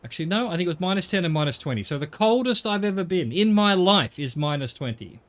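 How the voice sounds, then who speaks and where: A man's voice: high-pitched, expressive, fast talker, fairly bright tone. A middle-aged man with an Australian accent, streaming a game and chatting casually, rambling and correcting himself as he goes. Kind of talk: casual chat while gaming.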